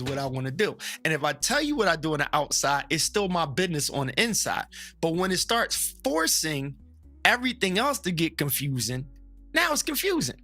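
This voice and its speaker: In this casual, opinionated conversation, the guest is a Baptist preacher whose fairly high voice sounds pushed and bright. He speaks frankly and with animation, cracking jokes, acting out other people's voices and slipping into slow, emphatic phrasing.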